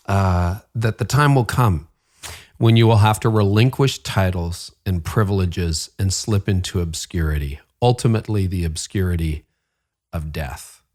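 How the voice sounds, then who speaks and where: A man's voice: deep voice, a little mellow. A man hosting an interview podcast, earnest and affirming as he asks questions. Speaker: podcast host.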